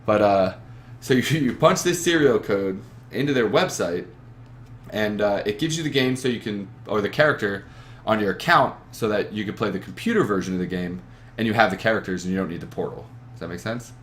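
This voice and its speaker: A man's voice: on the low side, expressive, a little fast, slight background noise. A young man hosting a gaming podcast from a webcam setup, talking in a rambling, profane, emphatic way. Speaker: podcast host. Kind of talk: casual chat.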